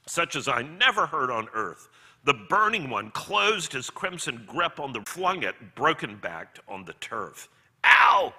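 Slow, animated man reading aloud. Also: mid-range voice, husky. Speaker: Bible teacher reading aloud. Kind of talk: book reading with sermon commentary.

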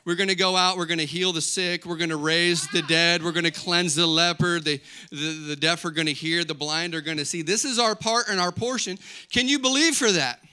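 A middle-aged man preaching a sermon as pastor, conversational and energetic, asking the congregation questions and joking with asides. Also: a little high, brisk, clean tone.

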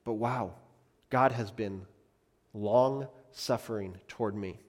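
A man preaching a sermon as a pastor, earnest, often repeating phrases for emphasis and swinging between loud and soft. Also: on the low side, takes it slowly, long reverb tail.

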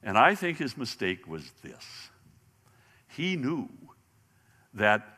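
A man teaching a Bible lesson in sermon style, animated and often restarting his words, speaking to an audience in a large hall. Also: medium pitch, slow, breathy edge. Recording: long hall reverb.

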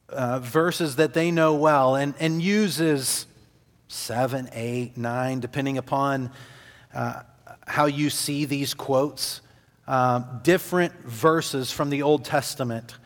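A man preaching a sermon, stressing key words by repeating them and slowing down on them. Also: medium pitch, long reverb tail.

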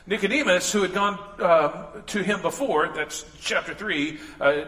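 A man's voice: sits high, fairly quick, hardly any pauses, sharp tone. A man preaching a sermon in a conversational way, with asides and restarts, in a church. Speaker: pastor. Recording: echoey hall with long reverb.

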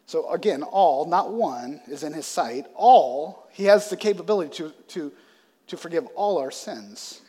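A man preaching a sermon as pastor, swelling loud on scripture readings and dropping into casual asides. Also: fairly high pitch, expressive, moderate pace, slightly rough. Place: church sanctuary. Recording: long hall reverb.

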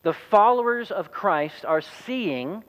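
A man's voice: high voice, lively intonation, takes it slowly, lo-fi sound. A man, a pastor, preaching a sermon in a conversational, storytelling way. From United States.

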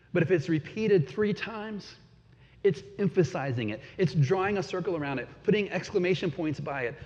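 Guy preaching, big dramatic swings loud to hushed, echoey hall, kinda muffled. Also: fairly high pitch. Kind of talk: sermon. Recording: dull, long hall reverb.

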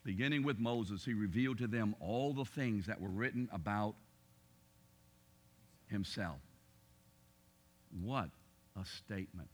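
A man's voice: on the low side, expressive, unhurried, pauses often, pushed and bright, breathy edge. A middle-aged man teaching a Bible class, talking conversationally and emphatically, asking his listeners rhetorical questions.

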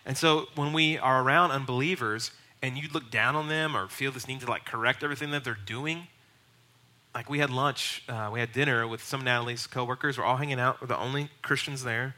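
A man's voice: medium pitch, steady tone, brisk, sharp tone. A young man, a pastor, giving a casual, conversational teaching on evangelism and acting out quoted voices. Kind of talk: sermon teaching.

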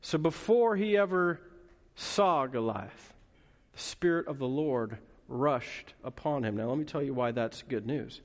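A man preaching a sermon as pastor, lively and playful, with asides to the congregation. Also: mid-range voice, measured pace, in a large hall. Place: church hall.

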